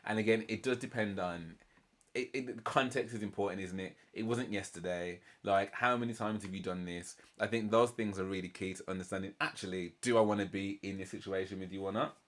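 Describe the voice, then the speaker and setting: Chatty British man, slightly low voice. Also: steady tone, fairly quick, fairly bright tone. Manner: chatty, heavy on "like" and "you know", acts out quotes from the show. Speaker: reaction channel host. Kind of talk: casual TV recap commentary.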